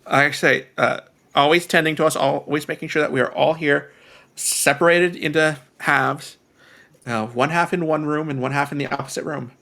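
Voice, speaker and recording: A man's voice: fairly high pitch, fairly even intonation, creaky, pushed and bright. A man voicing a frightened stammering boy. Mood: shaken. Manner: halting, stammering. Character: frightened young boy, an orphaned child. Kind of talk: tabletop role-play character voice.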